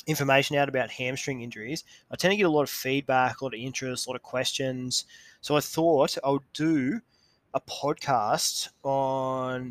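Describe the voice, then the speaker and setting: A man hosting a solo podcast, explaining step by step in a steady, self-described monotone voice. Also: mid-range voice, no echo. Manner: calls his own voice monotone, steady explanatory delivery. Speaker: podcast host. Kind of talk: solo educational podcast talk.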